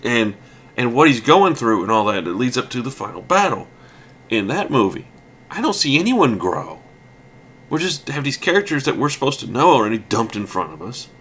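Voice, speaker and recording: A man's voice: mid-range voice, big pitch swings, normal speed, fairly bright tone, breathy edge. A man giving casual, rambling let's play commentary, ranting with lots of fillers and restarts.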